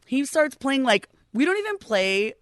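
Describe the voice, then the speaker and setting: Animated woman telling a story. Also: high voice, no room sound, clean studio sound. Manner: animated, quick storyteller who jumps into quoted voices. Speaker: podcast co-host and radio DJ. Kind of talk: casual storytelling chat.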